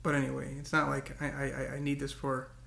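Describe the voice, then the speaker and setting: A man's voice: medium pitch, monotone, fairly quick, vocal fry, fairly bright tone, reverberant. A man talking to the camera in a casual, rambling monologue, often repeating words and breaking into cursing rants. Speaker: vlogger.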